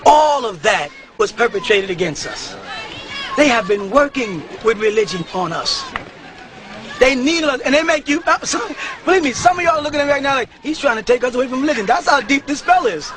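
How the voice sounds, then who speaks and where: A man preaching to a live congregation, emphatic and often breaking into shouts, with chuckles at his own points. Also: very high-pitched, sing-song, moderate pace, crowd noise. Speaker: religious teacher addressing a congregation. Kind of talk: live sermon-style lecture. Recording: live talk with audience murmurs.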